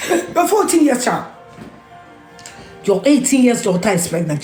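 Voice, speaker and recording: A very animated, fairly high, slightly mellow voice moves unhurriedly with frequent pauses in an echoey room, faint music underneath. A Ghanaian media personality is ranting on camera, scolding emphatically, repeating herself and switching into Twi and Ga.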